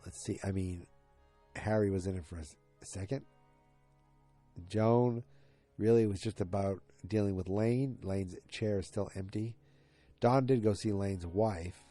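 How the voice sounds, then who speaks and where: A man with a low, slightly husky voice talks through a television episode in a casual, meandering podcast recap. He trips over words, restarts often and fills gaps with ums. Faint music sits in the background. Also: steady tone, slow pace, pauses often, warm tone. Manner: rambling, loose retelling with many fillers and restarts. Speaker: podcast host.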